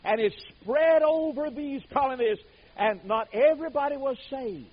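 An older man preaching a sermon, telling stories dramatically, booming out some words and dropping others to a hush. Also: moderate pace, lo-fi sound. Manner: dramatic storytelling, swings from booming to hushed.

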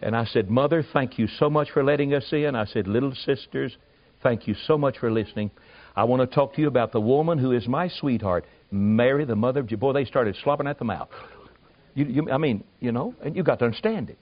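A man preaching, telling a folksy, animated story with asides to his listeners. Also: mid-range voice. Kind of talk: storytelling sermon. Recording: muffled lo-fi recording.

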